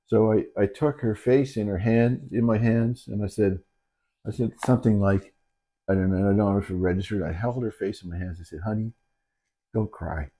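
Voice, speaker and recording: A middle-aged man, a dementia caregiver, talking candidly and haltingly in a reflective personal video, with many restarts. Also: fairly low pitch, mellow. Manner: earnest and candid. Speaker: dementia caregiver and channel host. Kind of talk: reflective personal talk to camera.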